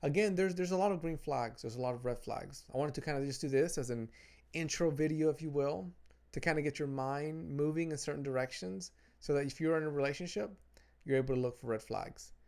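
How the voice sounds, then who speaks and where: A man's voice: a little high, fairly quick, creaky, darkish tone. A man talking earnestly to camera about relationships, giving advice from his notes and often repeating and restarting phrases. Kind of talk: casual advice talk to camera.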